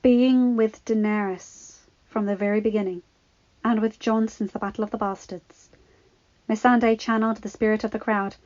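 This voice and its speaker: A woman reading fan fiction aloud in a calm, even storytelling voice. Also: medium pitch, normal speed, dull audio. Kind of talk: storybook narration.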